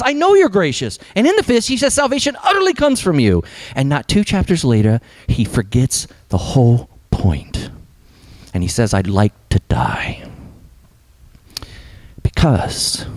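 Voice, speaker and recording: A young adult man preaching a sermon as pastor, animated, sometimes dropping to a hush for emphasis. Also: mid-range voice, no room sound.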